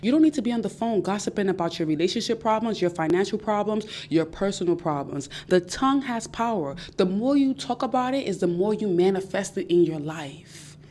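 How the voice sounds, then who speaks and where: Young woman podcast host, casual advice monologue, animated delivery, mid-range voice. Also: mid-range voice, a little fast, hardly any pauses, a little hiss or hum. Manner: animated, acts out friends' voices.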